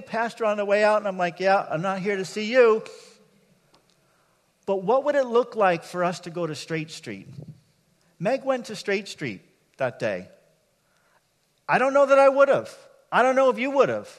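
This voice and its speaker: A man's voice: high voice, expressive, normal speed, pauses often. A man preaching a sermon as pastor, telling a personal story in a conversational way with asides to the congregation. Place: church sanctuary. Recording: long hall reverb.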